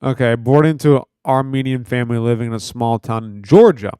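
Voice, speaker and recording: A young man from Kentucky hosts a casual livestream, reading chat aloud amid profane, joking banter. His medium-pitched voice is warm, smooth, and a little fast. The sound is clean studio audio with no room sound.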